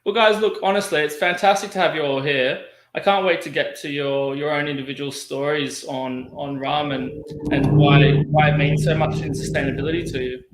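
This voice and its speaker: A man's voice: on the high side, steady tone, normal speed, slight background noise. Chatty man hosting, echoey room. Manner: chatty, friendly, many restarts. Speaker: host. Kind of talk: hosting a video-call rum tasting.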